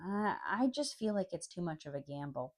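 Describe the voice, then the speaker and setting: Young woman pen vlogger, kinda low voice, acts out the emails as she tells it. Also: sing-song, moderate pace. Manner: storytelling, acts out her emails and the replies. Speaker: pen reviewer. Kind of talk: personal review vlog.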